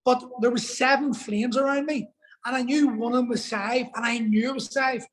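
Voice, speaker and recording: A man's voice: very high voice, fairly even intonation, normal speed, rough recording. A man telling a personal story as a podcast guest, earnest and emotional, swearing for emphasis.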